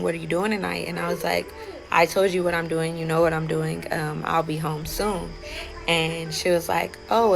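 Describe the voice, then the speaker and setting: A woman's voice: low voice, gravelly, a bit bright. A woman talking in a casual storytime monologue, loose and conversational, acting out the lines of the people in her story. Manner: conversational, acts out quoted dialogue, many fillers. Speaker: storyteller recounting a personal betrayal.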